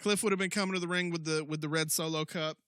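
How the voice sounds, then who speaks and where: A man's voice: on the high side, steady tone, fast talker, sharp tone, clear, resonant tone, dry recording, clean studio sound. A man co-hosting a casual wrestling podcast, joking and laughing often. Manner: joking, playful, prone to laughing. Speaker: podcast co-host.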